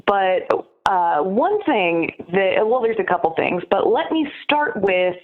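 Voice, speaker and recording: A woman speaking over a tinny, phone-like remote line, her voice mid-pitched. She vents with heat and swears freely, her words tumbling out in a rush. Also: expressive. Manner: heated, profane, fast-spoken venting. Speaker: podcast guest, union organizer. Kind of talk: casual interview chat.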